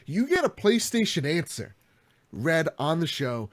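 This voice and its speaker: A man co-hosting a casual podcast, joking and needling his partner as he moves through the segments. His voice sits slightly high and rises and falls a lot. The sound is dry and close-miked. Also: huge pitch swings, a little slow, dry recording. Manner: joking, teasing, runs the segments. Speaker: podcast co-host.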